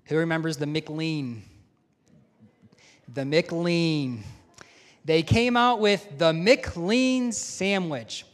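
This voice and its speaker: A man's voice: fairly high pitch, extremely slow, long pauses. A man, head of a school, giving a conversational chapel talk to students, joking and asking them questions. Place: large chapel or auditorium with balcony. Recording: long hall reverb.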